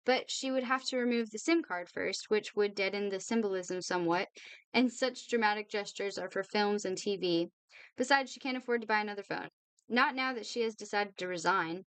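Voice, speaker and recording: A woman reading a novel aloud for her channel, informal and brisk. She trips now and then and corrects herself. Her voice is smooth and clear, recorded close and dry. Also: medium pitch, a bit bright, no room sound. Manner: brisk reading with slips and apologies. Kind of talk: read-aloud novel narration.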